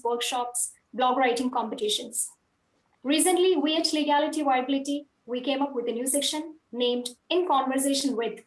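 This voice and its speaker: A woman from India hosting an interview, polite and formal as she introduces the channel and asks questions. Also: high voice. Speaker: host. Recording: echoey room.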